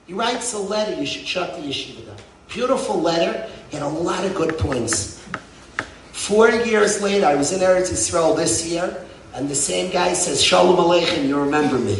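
A middle-aged man speaking with passion to a gathered crowd, his voice a little higher than most, rising to loud bursts and falling to near-whispers. He is heard from a distance in a reverberant hall, with faint room noise around him. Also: lively intonation, moderate pace, gravelly. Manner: impassioned, swinging from loud to hushed. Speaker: yeshiva head. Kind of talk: emotional speech to a crowd. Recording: echoey hall, mic from afar.

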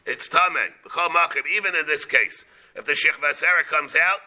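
A rabbi delivers a Talmud class in a strikingly bright, tense voice that sits fairly high for a man. He talks haltingly, restarts and repeats words, and weaves Hebrew and Aramaic terms into plain English.

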